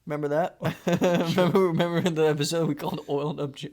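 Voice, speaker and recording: A man's voice: fairly high pitch, steady tone, fast, darkish tone. A man co-hosting a podcast in casual chat, joking and teasing, swearing freely. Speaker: podcast co-host.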